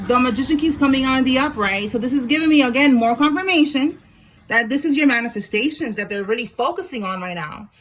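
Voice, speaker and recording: A woman giving a casual tarot reading, talking straight to her viewers in a blunt, slangy way with swearing and quick laughs. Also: high voice, a bit bright. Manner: talks to viewers directly while pulling cards. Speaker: tarot reader.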